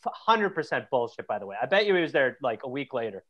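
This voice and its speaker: A man's voice: medium pitch, big pitch swings, fast talker, fairly bright tone, dull audio, a little hiss or hum. A man hosting a comedy podcast, chatting and reading letters aloud in mocking voices. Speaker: podcast host.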